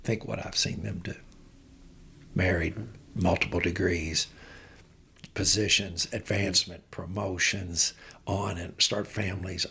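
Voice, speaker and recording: A man in his sixties, a basketball coach, telling animated stories as a podcast guest and getting amped up as he goes. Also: sits low, measured pace, gravelly, long pauses, breathy edge. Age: 60s. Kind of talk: storytelling in an interview.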